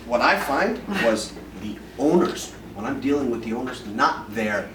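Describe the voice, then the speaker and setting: A man's voice: mid-range voice, moderate pace. A man on a discussion panel, telling stories with humor and acting out what people said. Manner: lively storyteller, acts out voices, jokes about himself. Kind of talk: casual panel chat. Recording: roomy, distant mic, noisy.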